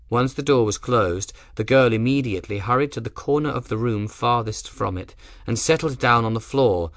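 A man narrating an audiobook in an expressive, measured way. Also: lowish voice, no echo, studio quality. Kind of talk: scripted narration.

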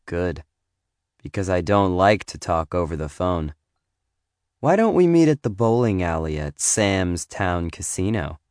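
A man voicing an adult male escort who speaks in a low, seductive, unhurried way. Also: big pitch swings, a little mellow, no echo, clean studio sound.

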